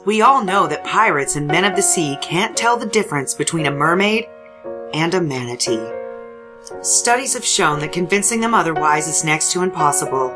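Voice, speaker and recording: A woman co-hosting a comedy podcast, reading a mock ad in a dry, deadpan way. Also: on the low side. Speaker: podcast co-host. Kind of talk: mock ad voice-over and podcast banter.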